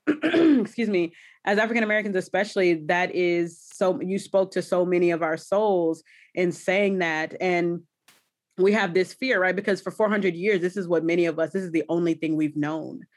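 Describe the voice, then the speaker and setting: A woman hosting an interview in a casual, expressive, chatty way, full of affectionate interjections. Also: fairly low pitch, moderate pace. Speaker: host.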